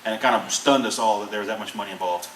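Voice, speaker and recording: A man with a bright, forceful voice spins his anecdotes in a loose, chatty way, laughing often as he goes. He is picked up from a distance in an echoey room with a little noise underneath. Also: fairly low pitch, racing. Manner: animated, laughing through anecdotes. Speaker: guest recounting a survival show. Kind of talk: casual storytelling.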